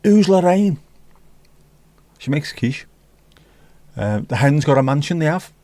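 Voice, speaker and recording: A man's voice: on the high side, big pitch swings, measured pace, mellow, dry recording. A man hosting a livestream, chatting casually and teasing as he reads out viewer comments with sweary banter. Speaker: livestream host.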